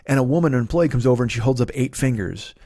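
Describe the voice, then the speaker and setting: Telling a long story that turns into a rant, this comedian in his 40s swears freely and yells the quoted parts. He speaks quickly at medium pitch, in studio quality without echo.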